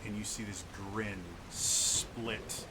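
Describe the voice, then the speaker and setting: A man narrating a tabletop game as game master, halting often and repeating words. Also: on the low side, level tone. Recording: noisy home mic.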